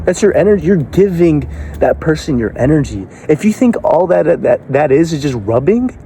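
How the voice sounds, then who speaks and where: A man's voice: a little high, very animated, normal speed, mellow, slight background noise. Blunt man giving a profane motivational speech. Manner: rhetorical questions aimed at the listener. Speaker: motivational speaker.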